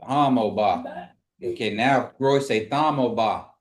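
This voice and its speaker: Guy leading an evening language class, patient, repeats words slow, roomy echo. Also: mid-range voice, expressive. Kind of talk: live in-person language lesson. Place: classroom streamed online. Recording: echoey room.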